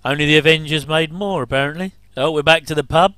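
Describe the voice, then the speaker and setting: Middle-aged man, casual watch-along commentator, smooth and close-miked. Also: fairly high pitch, quick pace, pushed and bright, no echo. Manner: chatty, jokey asides with chuckles. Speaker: commentary host.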